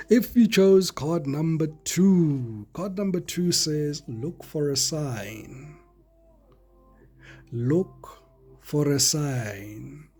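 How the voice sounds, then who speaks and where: A man's voice: medium pitch, a little mellow, breathy edge. A man with a South African accent giving a casual tarot reading to viewers, chatty and playful, mixing languages as he talks. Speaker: tarot reader.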